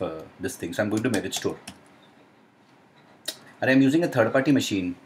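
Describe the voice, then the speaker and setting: A young man with an Indian accent hosting a casual live Q&A, chatty and excitable, with lots of uh and um. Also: on the low side, slight background noise. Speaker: live stream host.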